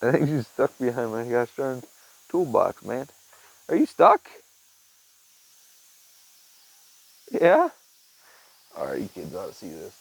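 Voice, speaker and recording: A man in his garage talking casually to his viewers, rambling and swearing, and cooing at his cat in a high voice. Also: big pitch swings, moderate pace, vocal fry, darkish tone, husky, poor audio. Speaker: vlogger. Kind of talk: casual monologue to camera.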